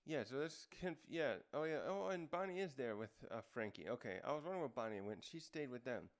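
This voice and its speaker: A man's voice: medium pitch, animated, brisk. A man hosting a casual recap, talking off the cuff with lots of fillers and restarts. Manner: rambling, many fillers and restarts. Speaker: manga review host.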